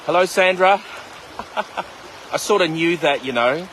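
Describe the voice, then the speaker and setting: With a flowing river behind him, a man in a fairly high, somewhat bright voice teaches mindfulness meditation on a casual livestream, speaking a little slowly over slight background noise. He greets viewers by name and jokes between instructions.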